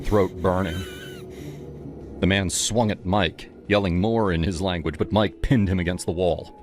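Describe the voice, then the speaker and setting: Deep-voiced man narrating horror. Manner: dramatic, tense storytelling. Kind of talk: scripted first-person horror narration.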